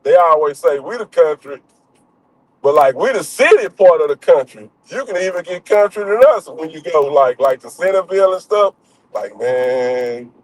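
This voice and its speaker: A man's voice: a little high, rough recording. A young man, chatting and joking loosely, full of slang and fillers. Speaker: streamer. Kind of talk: casual storytelling chat.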